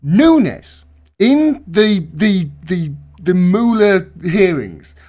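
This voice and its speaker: A man hosting a casual political chat, excitable and profane, stumbling through quick restarts. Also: sits high. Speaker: host.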